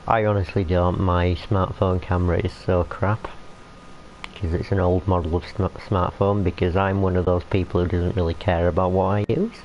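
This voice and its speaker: A young man streams a train game, rambling in casual chat and talking to the characters on screen. His voice sits low, with a level, darkish tone at a moderate pace, and the recording is muffled lo-fi with faint hiss.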